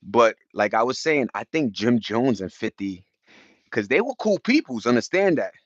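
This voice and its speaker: In a sing-song, mid-range voice at a moderate pace, a livestream host chats loosely, greeting viewers and laughing as he goes. The sound is dull and lo-fi, with no echo.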